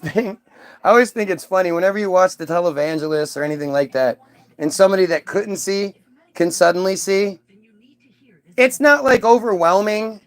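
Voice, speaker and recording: High-voiced man ranting profanely. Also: moderate pace, long pauses. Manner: profane, rambling, irreverent. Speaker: online commentator. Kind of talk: casual comedic rant.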